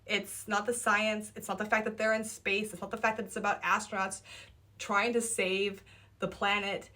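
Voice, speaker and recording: A woman's voice: medium pitch, little pitch movement, moderate pace, sharp tone. A young adult woman and author talking through her recent reads in a casual vlog, enthusiastic and gushing, repeating herself for emphasis. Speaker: book vlogger and author. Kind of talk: casual book review vlog.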